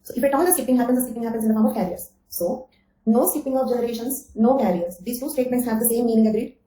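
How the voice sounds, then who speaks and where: Woman, teacher, fairly high voice, repeats herself, asks "right?", echoey room. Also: fairly even intonation, very fast, mellow. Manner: repeats key phrases, checks understanding with "okay?" and "right?"; addresses students by name. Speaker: anthropology teacher. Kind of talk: online exam-coaching lecture.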